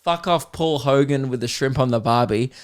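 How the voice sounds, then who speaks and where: A young Australian man hosting a comedy podcast, ranting in a profane, animated way and laughing often. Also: medium pitch, normal speed. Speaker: podcast host.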